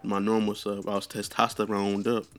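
A man's voice: fairly low pitch, completely flat delivery, moderate pace. A young man hosting a podcast, chatting casually in a rambling, profane way with lots of fillers. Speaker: podcast host. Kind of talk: casual chat.

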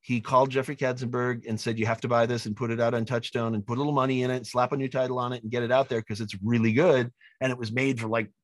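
A man, a film director being interviewed, telling lively anecdotes and acting out the people he quotes. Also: medium pitch, fast, hardly any pauses, no echo. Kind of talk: animated storytelling in an interview.

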